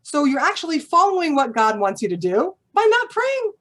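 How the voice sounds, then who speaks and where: A woman voicing an elderly male Hasidic rabbi who reassures his brother with exuberant cheer. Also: normal speed. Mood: joyful reassurance. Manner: exuberant, high and excited.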